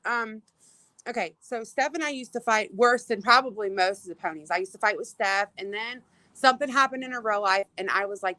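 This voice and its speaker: Woman livestream host, outdoors on her phone; bright, dry close sound, exasperated and profane, lots of restarts. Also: mid-range voice, brisk, no echo, rough recording. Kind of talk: casual livestream rant, greeting viewers.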